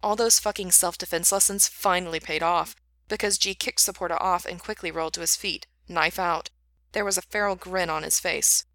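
A woman narrating a story in an even, steady reading voice. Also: lowish voice, moderate pace, no echo.

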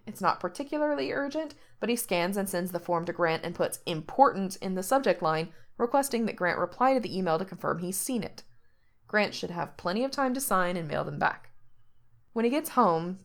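A woman reading fiction aloud as narrator, with steady storytelling and lively rises in pitch.

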